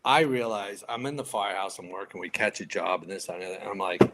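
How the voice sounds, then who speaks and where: A man's voice: deep voice, fast, few pauses, noisy background. A man, a retired firefighter telling stories as a podcast guest and acting out the lines of the people in them. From United States. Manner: animated storyteller acting out other people's lines. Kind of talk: storytelling in casual conversation.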